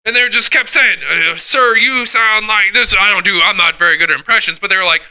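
Hyper, profane Santa Claus, played by a man, high and very bright, rambling and stammering through an improvised sketch. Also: a little fast. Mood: manic. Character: wired, foul-mouthed, sleepless Santa Claus man.

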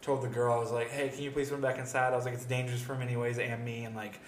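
A man's voice: mid-range voice, flat delivery, racing, slight background noise. Young guy rambling through a story, chill and giggly, bit of room echo. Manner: laid-back storytelling, laughs often. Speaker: podcast co-host. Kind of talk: casual chat.

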